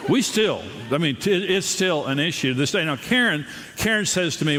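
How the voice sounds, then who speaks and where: Before a crowd in a large auditorium, a man with a fairly bright, high-leaning voice preaches a humorous sermon at normal speed with lively intonation and hardly any pauses. He tells self-deprecating stories about his marriage, frequently restarting and repeating words. The hall is reverberant, with faint ambience.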